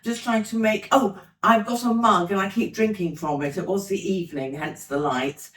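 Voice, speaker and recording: An older woman talks casually to her viewers at home, chatty and a little self-deprecating. Her voice sits at a middling pitch, with an easy, conversational lilt. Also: moderate pace, a bit bright, echoey room. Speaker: lifestyle vlogger. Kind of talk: casual vlog chat. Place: at home indoors.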